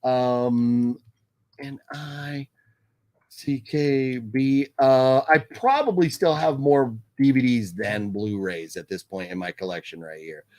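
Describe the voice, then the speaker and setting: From a home room lined with his movie collection, a livestream host chats in a relaxed way, reads viewers' names aloud, and laughs a lot. He speaks slowly in a mid-range voice with a darkish tone.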